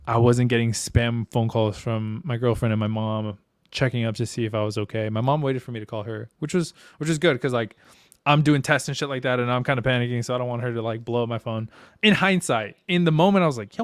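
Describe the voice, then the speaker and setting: A man's voice: mid-range voice, fairly quick, clear, resonant tone, no room sound, clean studio sound. A young man co-hosting a podcast, talking candidly and casually with lots of swearing and restarts. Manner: candid and profane, rambling with restarts. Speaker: podcast co-host. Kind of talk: casual chat.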